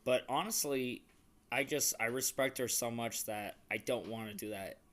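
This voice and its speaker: A man's voice: medium pitch, moderate pace, fairly bright tone. A young man chatting casually on a couple's vlog, earnest and rambling, with many restarts. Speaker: vlogger.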